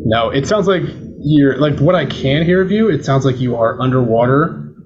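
A man talking casually over a video call, explaining audio gear as a podcast guest, with a relaxed, filler-heavy manner. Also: medium pitch, moderate pace, lo-fi sound, a little hiss or hum. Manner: relaxed, chatty, lots of fillers like "you know" and "um". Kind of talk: casual explanatory chat, demonstrating microphones. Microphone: switching between webcam mic and USB condenser over a video call.

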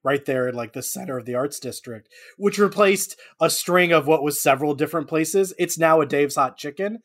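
A man, a podcast co-host, chatting casually in a halting, meandering way. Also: on the high side, a bit bright. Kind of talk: casual comedy chat.

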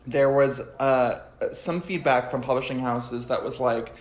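A man in his thirties talking as a podcast guest, lively and quick to swear. He leaps up high and loud whenever he mimics other people. He sits at a middle pitch, and the room around him rings with echo. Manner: animated, swears often, goes high and loud for mocking quotes. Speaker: guest, writer and actor. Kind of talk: casual podcast chat. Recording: echoey room.

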